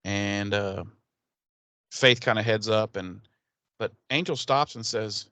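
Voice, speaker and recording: A man's voice: lowish voice, takes it slowly, pushed and bright, dry recording. A man co-hosting a podcast, recapping a TV episode in casual chat, rambling and swearing with laughs. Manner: rambling, profane, laughing storyteller. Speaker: podcast co-host.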